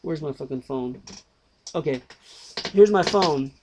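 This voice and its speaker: A man's voice: a little high, animated, a little slow, noisy background. A man rambling through a profane video monologue on a headset mic, swearing constantly, breaking off into tangents and restarting his sentences. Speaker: video host.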